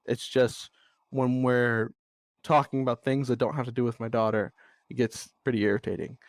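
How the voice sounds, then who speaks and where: A man's voice: medium pitch, little pitch movement, normal speed, no room sound, studio quality. Blunt, cursing young man venting. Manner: blunt, swears freely, exasperated venting. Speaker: podcast host. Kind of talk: candid monologue.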